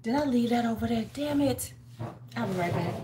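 A woman's voice: on the high side, lively intonation, brisk, noisy background. A woman hosting a casual beauty livestream from her home, chatting, greeting viewers by name and talking to herself as she works. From United States. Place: home in winter.

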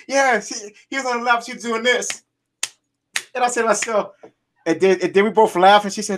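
Man co-host, lively storyteller, loose swearing, fairly high voice. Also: brisk. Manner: animated storyteller, laughs often, swears freely. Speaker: podcast co-host. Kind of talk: casual chat.

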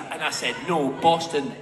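Cheeky singer joking with a concert crowd. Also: male voice, on the high side, unhurried. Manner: cheeky, rambling, self-mocking, swearing. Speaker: singer on stage. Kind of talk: joking stage banter between songs. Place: large indoor concert hall. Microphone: stage microphone. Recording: echoey hall with loud crowd noise.

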